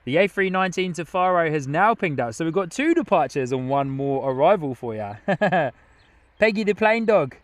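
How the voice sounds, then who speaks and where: A man's voice: fairly high pitch, lively intonation, moderate pace, hardly any pauses, no room sound. Chatty man hosting a live stream. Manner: chatty, reads viewer comments aloud, laughs often. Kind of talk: casual live commentary. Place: outdoors at an airport viewing spot.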